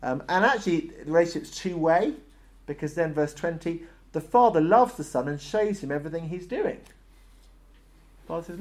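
A man's voice: fairly high pitch, animated, moderate pace. Conversational male preacher. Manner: conversational, acts out short voiced dialogues. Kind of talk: sermon.

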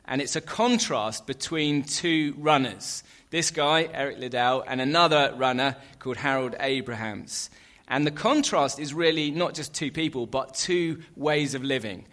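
A man's voice: mid-range voice, a bit bright. Conversational male preacher. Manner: conversational, with fillers and asides. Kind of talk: sermon.

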